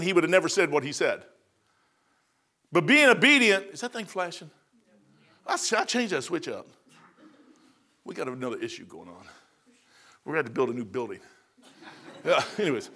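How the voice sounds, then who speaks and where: A man in his sixties preaching a sermon, telling folksy stories and swinging between loud punchy lines and soft asides. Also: sits high. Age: 60s.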